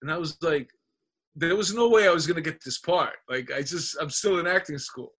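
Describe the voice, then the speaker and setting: A man's voice: on the high side, brisk, husky. Man telling a profane story. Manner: rambling, profane, animated anecdotes. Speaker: podcast guest, actor. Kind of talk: casual chat, storytelling.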